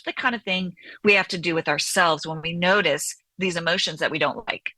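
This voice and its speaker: A woman's voice: fairly low pitch, normal speed, few pauses, sharp tone, no echo. A woman therapist and author being interviewed on the radio, explaining animatedly and often checking in with "right?".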